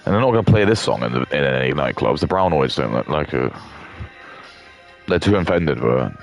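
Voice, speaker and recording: A man's voice: very deep voice, expressive, fairly quick, creaky, soft background music. A man talking casually on a live stream, rambling and swearing as he rants. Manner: rambling, profane, heated ranting.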